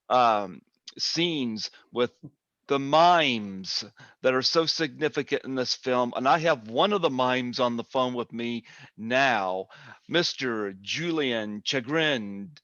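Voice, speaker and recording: A man's voice: medium pitch, very animated, takes it slowly, fairly bright tone, no echo. Canadian man, podcast host, chatty, laughs a lot, dry muffled call audio. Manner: chatty, laughs often, self-deprecating. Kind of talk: casual interview over a call. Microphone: video call.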